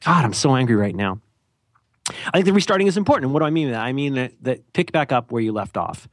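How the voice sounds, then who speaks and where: A man's voice: medium pitch, lively intonation, quick pace, no room sound, clean studio sound. A man co-hosting a podcast in a casual, rambling, jokey way, with self-deprecating asides. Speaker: podcast co-host.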